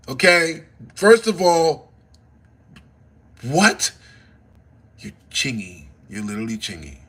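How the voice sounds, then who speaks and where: A man from Texas telling stories casually to his livestream audience on a phone, dropping to low mutters and then rising into loud, excited bursts. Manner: animated, swings between mumbling low and loud excited bursts. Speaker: livestream host.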